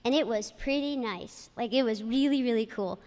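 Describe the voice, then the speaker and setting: A woman's voice: on the high side, normal speed, darkish tone. A woman giving a personal ceremony speech, telling stories in a chatty way with many fillers. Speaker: inductee speaker, former jockey. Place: ceremony hall. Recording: long hall reverb.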